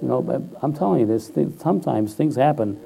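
A man preaching a sermon in an informal, chatty way, often checking in with "all right?" and rising loud and high when he exhorts or quotes. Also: lively intonation, fairly quick, creaky, poor audio.

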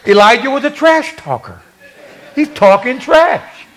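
A man preaching a sermon from the pulpit. His voice sits high for a man and swings widely in pitch, and he tells the story with animated, humorous energy. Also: a little slow, rough recording. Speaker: pastor.

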